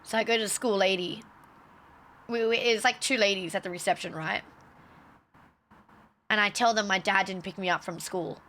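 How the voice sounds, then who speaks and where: A woman's voice: medium pitch, fairly even intonation, moderate pace, long pauses, fairly bright tone. A young woman streamer telling a story casually on a livestream, swearing freely and acting out the quotes.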